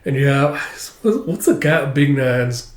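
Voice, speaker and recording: A man's voice: mid-range voice, lively intonation, slow. A man casually reading through a comic chapter aloud, rambling and swearing as he narrates. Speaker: comic reader and commentator. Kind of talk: casual read-through commentary. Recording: echoey room.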